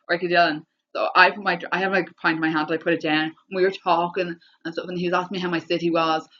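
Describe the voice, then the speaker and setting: A woman, telling a rambling story on a live stream, with many restarts and excited repeats. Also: on the low side. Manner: breathless, repetitive, excitable retelling. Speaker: livestreamer. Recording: dull lo-fi livestream audio.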